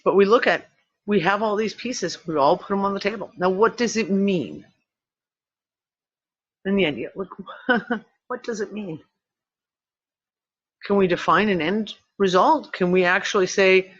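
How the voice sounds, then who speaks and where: A man's voice: sits high, measured pace, pauses often, fairly bright tone, lo-fi sound. A man hosting a casual online discussion, rambling and swearing freely as he talks. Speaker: host.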